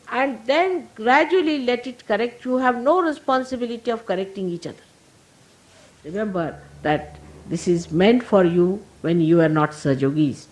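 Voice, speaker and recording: An older woman with an Indian accent, a spiritual teacher giving a gentle, humorous sermon to her followers. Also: medium pitch, low-quality recording. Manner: gentle, humorous, laughing as she talks.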